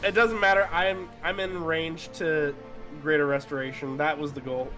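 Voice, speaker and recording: A man with a slightly high voice argues for his move at a tabletop game. He keeps coming back to the same idea with stubborn insistence. Music sits clearly behind him. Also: steady tone, normal speed, pushed and bright. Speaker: player. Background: music underneath.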